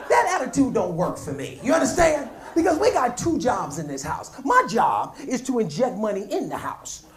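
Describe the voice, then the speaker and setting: A stand-up comedian on stage with a strikingly high, bouncing voice. He swings between muttered asides and shouted punchlines. The live mic carries a clear layer of room noise. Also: moderate pace, few pauses. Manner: animated, shouting punchlines, acting out quoted voices. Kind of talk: stand-up routine.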